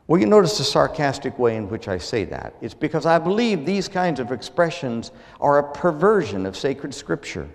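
A man preaching a sermon as pastor, measured and earnest, his phrases falling at the ends. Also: medium pitch, big pitch swings, in a large hall.

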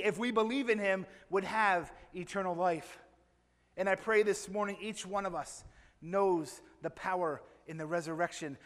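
A preacher with a high voice delivers a sermon. He tells stories and slows down to stress key phrases. His voice rings with the long reverb of a large sanctuary. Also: a bit bright. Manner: storytelling, with slow emphatic phrases.

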